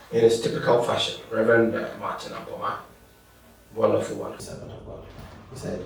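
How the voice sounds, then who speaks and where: A man's voice: medium pitch, wildly swooping pitch, moderate pace, vocal fry, long pauses, darkish tone. A middle-aged man, a pastor telling stories and laughing as he answers interview questions. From Ghana. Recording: echoey room, distant mic.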